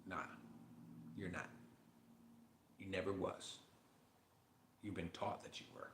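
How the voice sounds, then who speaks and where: A man's voice: deep voice, takes it slowly, reverberant, a little hiss or hum. A man talking casually and profanely, reading definitions aloud and riffing between them. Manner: profane, animated, riffing between read passages. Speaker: podcast host.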